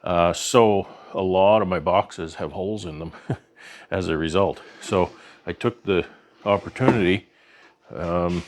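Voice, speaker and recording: A Canadian-accented man hosts a beekeeping vlog, narrating a casual show-and-tell in an easygoing, rambling way packed with fillers and restarts. His voice is low-pitched and measured in pace, with slight background noise.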